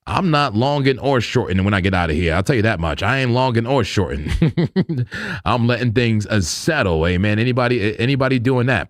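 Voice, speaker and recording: A man's voice: lowish voice, dry recording, studio quality. Chatty, laughing crypto stream host man. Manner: loose and chatty, laughs often, slangy. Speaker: crypto trading livestream host. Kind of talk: casual live market commentary.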